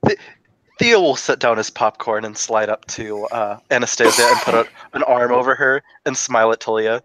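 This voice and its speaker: A man playing a tabletop role-playing game, calmly describing his character's actions. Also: medium pitch, moderate pace, no room sound, low-quality recording. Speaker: player. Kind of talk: casual tabletop role-play.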